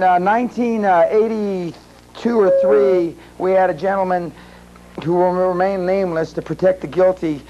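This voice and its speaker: A man's voice: high-pitched, a little mellow, dull audio, a little hiss or hum. A man speaking at a seminar, telling a long rambling story to a live audience with many restarts and fillers. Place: seminar room.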